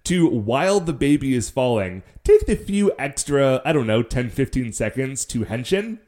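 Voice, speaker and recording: A man's voice: medium pitch, big pitch swings, normal speed, darkish tone. Wry man co-hosting a podcast. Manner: wry, dry teasing with "like" fillers. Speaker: podcast co-host. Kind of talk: casual recap chat.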